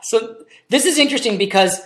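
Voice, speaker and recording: A woman's voice: on the high side, animated, fairly quick, a bit bright, reverberant. A woman co-host making dry, wry remarks in casual chat. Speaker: podcast co-host.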